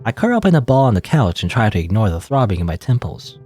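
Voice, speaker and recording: Let's-play host narrating a story game, low voice with lively, dramatic pitch. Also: male voice, fast, faint music behind. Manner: dramatic reading, joking asides, laughs at own slips. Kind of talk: reading a story game aloud with asides.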